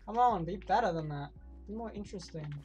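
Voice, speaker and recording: A woman streaming a video game, reacting out loud, talking to herself and swearing often. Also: medium pitch, lively intonation, fairly quick, dull audio. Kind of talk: live gameplay commentary. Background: game music.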